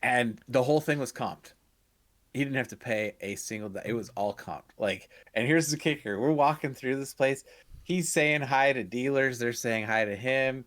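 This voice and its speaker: A man's voice: mid-range voice, normal speed, a bit bright, no echo. A young man telling a casual, profane story on a podcast, laughing through his punchlines. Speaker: podcast co-host.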